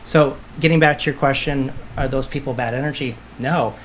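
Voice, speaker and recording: As a guest on a podcast, a man gives conversational interview answers in a medium-pitched, steady voice at a moderate pace. He tells his stories confidently and emphatically, often repeating phrases to drive them home. A little hiss or hum sits in the recording.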